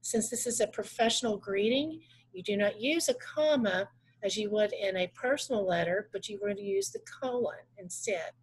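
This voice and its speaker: A woman teaching punctuation rules from slides, reading out examples slowly and correcting herself now and then. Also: a little high, sing-song, vocal fry, husky. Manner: reads examples slowly, with small restarts. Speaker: adult education teacher. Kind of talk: slide-based grammar lesson.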